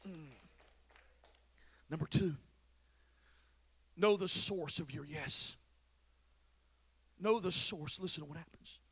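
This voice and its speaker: A man pastor preaching a sermon, swinging between shouted exhortation and quiet, confiding storytelling. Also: a little high, takes it slowly, long pauses, husky, dry recording.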